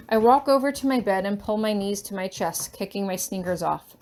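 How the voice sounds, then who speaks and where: A woman's voice: medium pitch, moderate pace, a little mellow. A woman reading a first-person fan story aloud, emotional and urgent, with a shaky voice in tense moments. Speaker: fanfiction reader.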